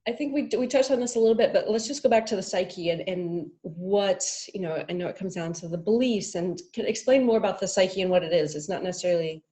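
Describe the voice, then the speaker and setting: A woman's voice: on the low side, quick pace, hardly any pauses, dark tone. A woman hosting an interview, affirming her guest and asking questions with frequent fillers. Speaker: host.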